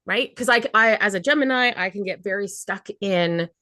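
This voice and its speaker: Bright, lively woman chatting on a podcast. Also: medium pitch, normal speed, no echo, studio quality. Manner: animated, acts out her own inner voices, laughs often. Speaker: podcast co-host. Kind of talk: casual spiritual chat.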